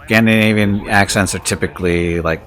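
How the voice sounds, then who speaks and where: A man's voice: on the low side, fairly even intonation, a little fast, fairly bright tone. A man streaming a game, chatting in a laid-back, joking way and chuckling often. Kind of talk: casual gaming livestream chat.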